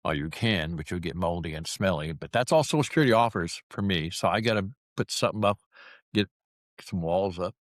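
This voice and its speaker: A man's voice: low-pitched, lively intonation, brisk, no echo, studio quality. Wry, folksy man in his sixties. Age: 60s. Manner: wry, folksy, self-mocking humor. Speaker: vlogger. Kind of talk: casual storytelling to camera.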